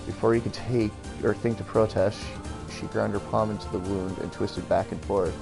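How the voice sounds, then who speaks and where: A man's voice: fairly low pitch, fairly even intonation, normal speed, creaky, over music. A man reading a novel aloud on a stream, mixing plain narration with wry side comments.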